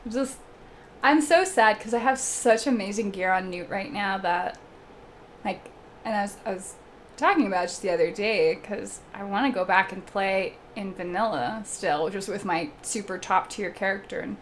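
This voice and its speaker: A young woman hosting a casual live stream, chatting with viewers while she paints, laughing often and breaking into animated asides. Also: medium pitch, normal speed, slight background noise. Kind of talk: casual chat while reading viewer comments.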